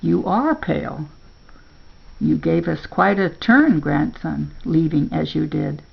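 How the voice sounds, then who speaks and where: A woman doing a gentle old grandpa. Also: low-pitched, expressive, slow, creaky, breathy edge, lo-fi sound, heavily acted.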